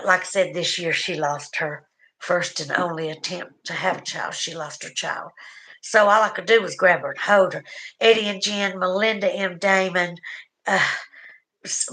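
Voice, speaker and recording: A woman's voice: fairly low pitch, a bit bright, rough recording. A middle-aged woman with a Southern US accent, tearful, rambling through an emotional livestream chat and often trailing off. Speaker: livestream host.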